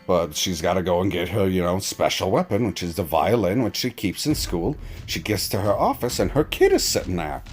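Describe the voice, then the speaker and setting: Animated, foul-mouthed male TV recapper. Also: deep voice, brisk, hardly any pauses, faint music behind. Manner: profane, mocking and animated. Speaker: TV reaction reviewer. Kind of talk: casual episode recap.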